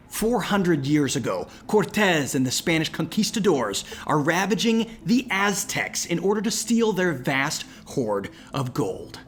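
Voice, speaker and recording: A young man hosting and telling a campfire ghost story, dramatic, dropping to hushed whispers and jumping to excited outbursts. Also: on the high side. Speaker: host and storyteller.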